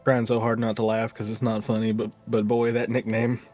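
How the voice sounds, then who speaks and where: A man's voice: on the low side, monotone, darkish tone, faint music behind. A man co-hosting a podcast, bantering jokingly and stumbling over his words. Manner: joking, halting with repeated restarts. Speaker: podcast co-host.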